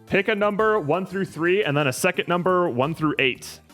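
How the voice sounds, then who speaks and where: A young man opening card packs on a stream, chatting casually, reading card text aloud quickly and swearing freely. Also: high voice, expressive, a bit bright, soft background music. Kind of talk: casual chat.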